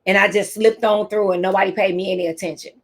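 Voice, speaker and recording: A woman's voice: medium pitch, fairly even intonation, quick pace. A middle-aged woman teacher and speaker giving a motivational talk to teachers, telling stories and repeating her key phrases.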